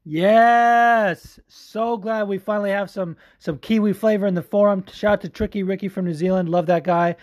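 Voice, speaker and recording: A man's voice: sits high, fairly even intonation, quick pace, hardly any pauses, a little mellow, dry recording, highs cut off. A man hosting a podcast in casual chat, rambling with lots of fillers and swearing. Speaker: podcast host.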